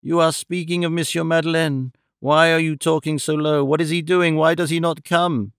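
A man's voice: on the high side, flat delivery, moderate pace, clean tone, no room sound, clean studio sound, lightly acted. A man voicing a feverish, pleading young mother. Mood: urgent. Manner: imperious and heart-rending, pleading. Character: feverish dying young woman, desperate mother.

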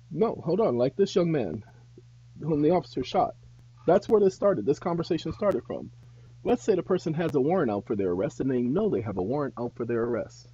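A man hosting an advice monologue to viewers, speaking in a measured, deliberate way that turns indignant and loud. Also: medium pitch, slightly rough, dull audio. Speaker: host.

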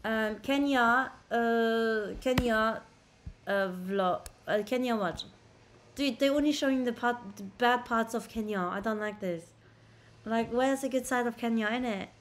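A woman's voice: a little high, measured pace, a little hiss or hum. A woman livestreaming casually on a laptop mic, brash and profane, bickering with her chat. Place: indoors at a laptop.

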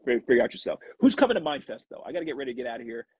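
A man hosting a motivational live talk, repeating his points and climbing to emphatic highs before dropping back to a low, steady tone. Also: racing, noisy background. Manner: preachy, repetitive, rising to emphatic highs. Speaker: live stream host.

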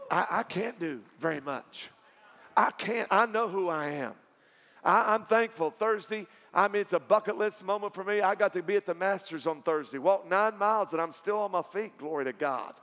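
A man with a Southern accent preaching a sermon, moving from quiet storytelling to loud, emphatic climaxes. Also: sits high, normal speed. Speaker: pastor. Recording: long hall reverb with faint music.

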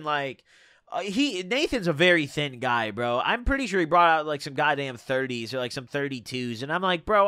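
Bright, high-voiced man telling a story. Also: no room sound, clean studio sound. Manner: casual and profane, full of "bro" and "dude". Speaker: vlogger. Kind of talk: storytime vlog.

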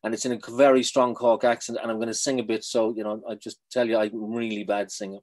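Quick-talking Irish poet, soft-spoken. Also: male voice, lowish voice, flat delivery. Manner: quick, self-deprecating, trailing off softly. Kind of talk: casual interview chat.

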